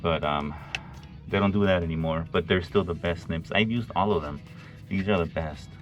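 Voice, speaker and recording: A man's voice: low voice, moderate pace, highs cut off, soft background music. A man, an HVAC technician, chatting wryly to the camera while he works on a job site. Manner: chatty, wry, talking to the camera while working. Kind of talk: casual on-the-job vlog.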